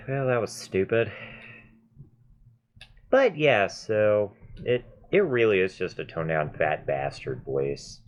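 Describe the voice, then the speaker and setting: A gamer in their mid twenties giving chatty, self-mocking gameplay commentary and swearing freely. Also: deep voice. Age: mid 20s. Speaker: gaming video host.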